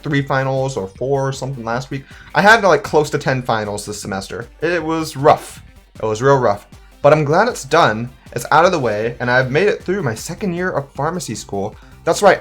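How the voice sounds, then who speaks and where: A man's voice: medium pitch, fairly bright tone. Chatty young man commenting on a game. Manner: chatty, upbeat and rambling, with self-corrections. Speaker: gaming video host. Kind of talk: casual gameplay commentary.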